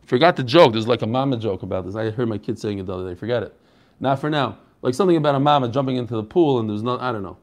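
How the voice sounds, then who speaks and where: A man's voice: medium pitch, rapid-fire. A man teaching an online Talmud class in a casual, chatty way, asking questions and answering them himself.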